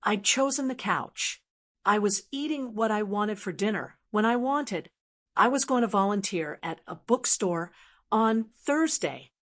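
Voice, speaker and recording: An older woman in her sixties telling a first-person story in a calm, measured way. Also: medium pitch. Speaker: narrator.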